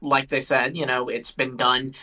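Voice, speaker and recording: A man's voice: mid-range voice, level tone, moderate pace, sharp tone. A man co-hosting a live podcast, hesitant and qualifying his points as he talks. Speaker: podcast co-host. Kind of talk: casual live podcast chat.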